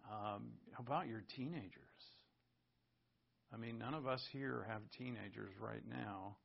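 Male pastor, gravelly mid-pitched voice, animated conversational sermon, dull lo-fi recording. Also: measured pace. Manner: animated, conversational preaching with asides and laughs.

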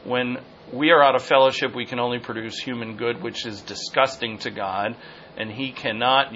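A man teaching a Bible passage verse by verse in an earnest, repetitive way, sometimes pausing to search for a word. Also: mid-range voice, sharp tone. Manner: earnest, repetitive, searching for words mid-sentence. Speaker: pastor. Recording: dull lo-fi sound with faint noise.

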